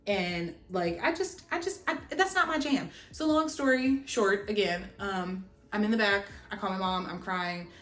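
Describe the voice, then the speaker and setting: A young woman telling a storytime vlog, animated and chatty, with lots of "like". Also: mid-range voice, normal speed, hardly any pauses. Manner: animated, chatty, heavy use of "like". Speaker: vlogger. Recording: roomy echo, faint music. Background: faint background music.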